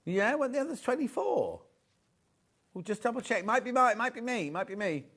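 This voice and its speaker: A man's voice: extremely high pitch, animated, moderate pace, fairly bright tone. A middle-aged man hosting a live sewing shopping show, gushing over fabrics and teasing the crew in chatty banter. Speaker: shopping channel host. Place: TV studio.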